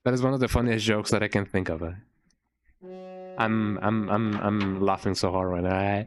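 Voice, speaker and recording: With game music in the background, this man from Mexico offers casual, playful commentary while streaming a game. His voice is lowish and fairly even in intonation, at a moderate pace, and he likes to repeat words in a goofy sing-song, frequently tacking "eh?" onto the end.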